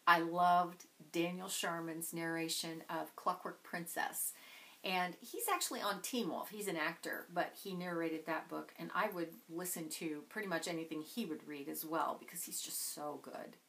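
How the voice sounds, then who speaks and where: A book vlogger with a fairly low voice, vocal fry, and a sharp tone chats at a moderate pace, gushing enthusiastically about books she loves. The recording is rough.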